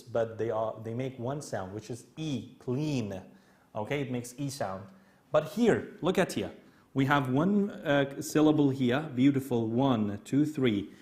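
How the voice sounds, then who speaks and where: A man's voice: medium pitch, animated, a little mellow. A man with a Kurdish accent, a native Kurdish speaker, teaching an English grammar lesson, explaining step by step and often checking in with "okay?". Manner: slow, repetitive explaining with many "okay?" checks.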